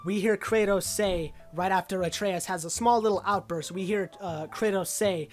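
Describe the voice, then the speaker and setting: Excitable woman gushing over a trailer. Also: medium pitch, normal speed, few pauses, soft background music. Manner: excited, rambling, many "uh" and "like" fillers. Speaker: video game trailer analyst. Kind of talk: casual commentary over a trailer.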